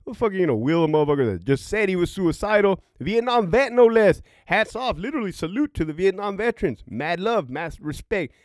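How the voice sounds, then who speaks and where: Man, middle-aged, former prison guard, profane rambling vlog talk, fairly high voice, lively pitch. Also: brisk, hardly any pauses, no echo, studio quality. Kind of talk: casual vlog storytelling.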